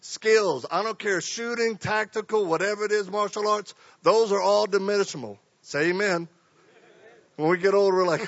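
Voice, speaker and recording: A man preaching a sermon, telling stories and acting out voices, swinging from quiet to loud. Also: sits high, moderate pace, no room sound, lo-fi sound.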